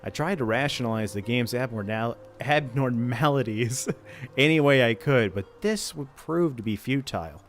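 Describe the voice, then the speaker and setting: A man's voice: mid-range voice, normal speed, faint music behind. A man reading a creepypasta aloud in a casual way, breaking off now and then to joke and laugh. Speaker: channel host reading creepypasta. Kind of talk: casual read-aloud of a horror story.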